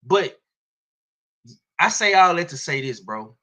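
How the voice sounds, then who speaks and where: A man with a Southern US accent talks boxing in loose, profane slang. His voice is bright and lively, rising and falling freely as he makes his points. He sounds blunt and opinionated. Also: a little high, slow. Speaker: boxing commentator. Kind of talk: casual sports commentary.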